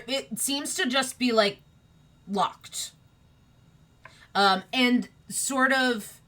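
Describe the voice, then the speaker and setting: A woman narrating a tabletop game as game master, talking in a relaxed, meandering way with lots of fillers. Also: medium pitch.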